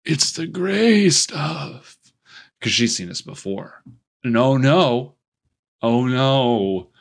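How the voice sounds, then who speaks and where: A man's voice: mid-range voice, expressive, extremely slow, creaky. A man casually recapping a movie plot on a podcast, rambling with restarts and laughing at his own jokes. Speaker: podcast host.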